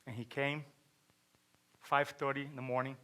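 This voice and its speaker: A man's voice: medium pitch, flat delivery, normal speed, sharp tone. A middle-aged man from Brazil with a Brazilian Portuguese accent, giving a motivational stage talk and telling a personal story, acting out quotes and asking the audience questions. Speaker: speaker at a chiropractic event.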